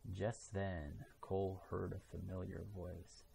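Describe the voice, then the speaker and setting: A man reading a children's storybook aloud in a slow, even way. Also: deep voice, creaky, a little hiss or hum. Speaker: storybook reader.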